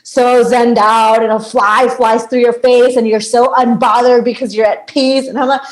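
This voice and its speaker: Woman guest, 30s, from Bangladesh, slightly high voice, easygoing chat, laughs a lot. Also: flat delivery, normal speed, poor audio. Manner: chatty, laughs often, lots of "like". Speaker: podcast guest, sound healer. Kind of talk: casual conversation.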